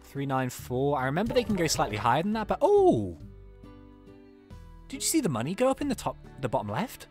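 A let's-play host chatting excitedly through gameplay, laughing often and reacting out loud. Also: mid-range voice, fairly quick, soft background music. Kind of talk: casual gameplay commentary.

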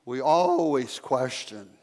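A man's voice: medium pitch, lively intonation, slow, warm tone. A male pastor preaching a sermon, telling a story and asking the congregation questions. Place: church sanctuary. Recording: long reverb of a sanctuary.

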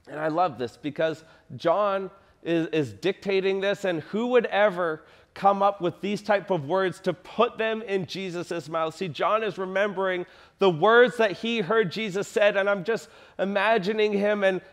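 A man preaching a sermon to his congregation, retelling a story with acted-out quotes and repeating key lines for emphasis. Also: high-pitched. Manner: addresses the congregation directly. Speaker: pastor.

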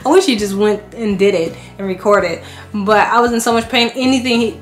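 A woman in her thirties, a family vlogger, telling a personal story casually to camera and acting out what people said. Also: a little fast. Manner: animated, acts out quotes with big pitch jumps. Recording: echoey room with faint music.

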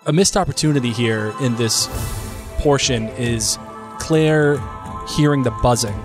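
A man's voice: mid-range voice, unhurried. A man co-hosts a casual live commentary on a TV episode. He talks in a chatty way, laughs often and restarts his sentences as he goes. Faint music plays behind him. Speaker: podcast co-host.

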